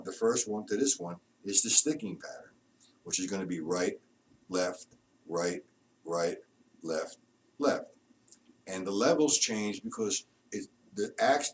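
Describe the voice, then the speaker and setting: A man's voice: deep voice, distant mic, rough recording. A man teaching a drum lesson, counting beats aloud and explaining rudiments in a plain, instructive way.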